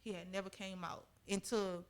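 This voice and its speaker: A woman's voice: mid-range voice, fairly even intonation, normal speed. A young woman, a podcast guest, earnestly recounting a personal story in conversation and often checking in with her listeners.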